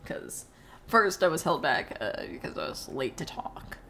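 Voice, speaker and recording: A woman's voice: low-pitched, sing-song, a little slow, a bit bright, a little hiss or hum. A teenage girl live streaming, chatting casually and rambling through stories, laughing often and swearing freely. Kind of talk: casual chat while drawing on stream.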